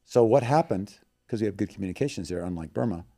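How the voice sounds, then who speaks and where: A man with a low, mellow voice speaks earnestly about loss and faith. His delivery swings between loud emphasis and quiet, hushed moments, closing in heartfelt prayer. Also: expressive, quick pace. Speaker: missionary guest.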